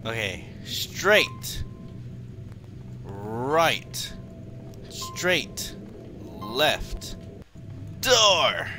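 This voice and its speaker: A man's voice: mid-range voice, sing-song, extremely slow, long pauses. A man hosting a gaming channel, giving horror game commentary full of swearing and panicky outbursts. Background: game music.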